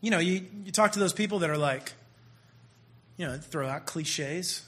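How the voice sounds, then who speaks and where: Man, pastor, sermon, conversational, animated, bright voice. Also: a little high, moderate pace.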